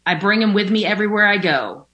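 A woman's voice: medium pitch, expressive, fast talker, sharp tone, lo-fi sound. A woman speaking candidly about her recovery from addiction, at home by a window, with many fillers and an occasional swear word. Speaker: recovering alcoholic sharing her story. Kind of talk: personal recovery testimony.

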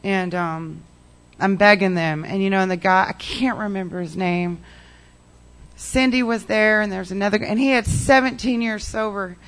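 Woman, mid-pitched voice, giving a rambling personal recovery testimony full of fillers. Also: normal speed. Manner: rambling, heavy use of "like" and "um". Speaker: person sharing her recovery story.

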